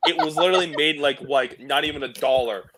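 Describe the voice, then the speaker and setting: A man's voice: on the high side, fast, crowd noise. A young man from Canada in a crude, rambling, profane casual chat on a late-night stream. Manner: rambling, profane, restarts a lot. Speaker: stream co-host.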